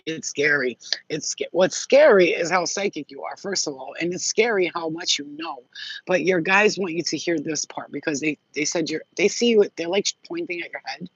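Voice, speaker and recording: A husky, breathy woman chats bluntly through a channeled psychic reading, cursing freely and talking right to her viewers. The recording is dry and a little dull, with no room sound. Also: fairly low pitch, moderate pace, dry recording. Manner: chatty, blunt, swears freely, addresses viewers directly. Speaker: psychic reader. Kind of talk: casual channeled reading to camera.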